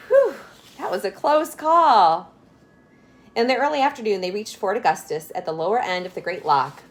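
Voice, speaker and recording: A woman reading a children's chapter book aloud, adding friendly asides that explain words to young listeners. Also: medium pitch. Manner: adds asides and explanations for kids. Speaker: storyteller.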